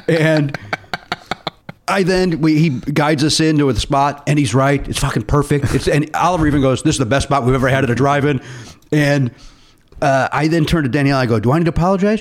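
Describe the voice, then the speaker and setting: On a podcast, a co-host with a slightly high voice rattles off an anecdote at a fast clip. He brings it to life by performing the quoted lines of everyone involved.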